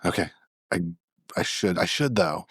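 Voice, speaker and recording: A man's voice: deep voice, lively intonation, moderate pace, fairly bright tone, breathy edge, no echo, clean studio sound. A man playing a tabletop game, talking hesitantly and laughing easily. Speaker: player. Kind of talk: tabletop role-play chat.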